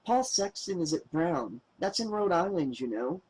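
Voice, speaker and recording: A man's voice: on the high side, very animated, moderate pace, darkish tone, husky, poor audio. A man voicing an eager young teenage girl with a crush, asking breathless, hopeful questions. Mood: disbelieving. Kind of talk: audiobook character voice.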